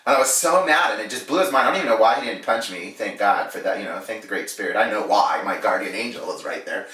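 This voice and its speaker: Guy hairdresser ranting a story, cussing, bright voice, echoey room, mic kinda far. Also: lowish voice, quick pace. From Alaska. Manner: animated, profane, acts out quotes. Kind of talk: casual storytelling.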